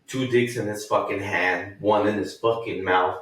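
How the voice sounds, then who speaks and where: A man's voice: fairly low pitch, fairly even intonation, moderate pace, fairly bright tone, far from the mic. A man on a podcast telling a rambling, profane story and acting out the lines other people said. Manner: profane, rambling storyteller who acts out quotes. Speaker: podcast co-host. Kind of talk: casual storytelling chat. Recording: very echoey room, off mic.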